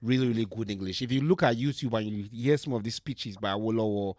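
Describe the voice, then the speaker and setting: Nigerian man, podcast host, low voice, eager and easygoing. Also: darkish tone, dry recording, clean studio sound. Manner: eager, quick to react. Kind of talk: casual podcast chat.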